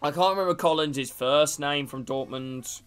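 A man's voice: a little high, normal speed, a bit bright, clean tone, soft background music. A man casually commentating a game stream, chatting with viewers and calling them by name. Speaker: gaming streamer.

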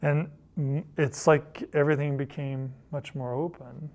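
A middle-aged man with a gravelly, creaky edge to his voice recounts turning points of his career. He speaks earnestly and reflectively, circling back and repeating phrases as he thinks aloud. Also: a little high, flat delivery, measured pace, darkish tone. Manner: earnest, repeats phrases while thinking, quotes others in passing. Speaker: photojournalist. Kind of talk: reflective personal storytelling.

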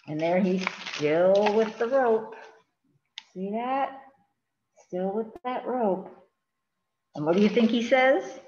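A woman librarian reading a picture book aloud to children in an animated, chatty way, asking them questions, in front of a green screen. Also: medium pitch, takes it slowly, pauses often, roomy sound, lo-fi sound, a little hiss or hum.

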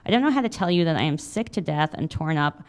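A woman's voice: low-pitched, lively intonation, quick pace. A woman reading aloud the lines of an anxious, guilt-ridden female boss near tears, in a pleading, distressed way. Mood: worried.

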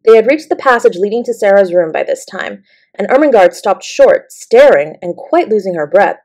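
A woman narrating a bedtime story in a gentle, expressive way. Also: mid-range voice, moderate pace. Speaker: audiobook narrator.

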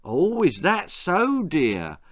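A man voicing a fussy middle-aged housewife who speaks in a slow, prim way. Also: fairly high pitch, wildly swooping pitch, a bit bright, voice pushed up, full character voice.

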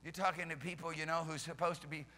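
A male pastor preaching a charismatic sermon at a church service, fervent, swinging from loud shouts to soft pleading. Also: fairly high pitch, fairly even intonation, fast, big-room sound. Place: church sanctuary during a service.

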